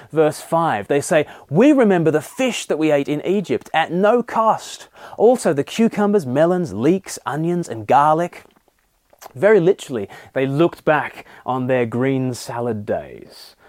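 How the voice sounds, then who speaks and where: A man's voice: a little high, no echo, studio quality. A man giving a short daily Bible devotional, preaching earnestly and with animation. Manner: earnest, animated preaching that acts out grumbling voices. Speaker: Bible teacher.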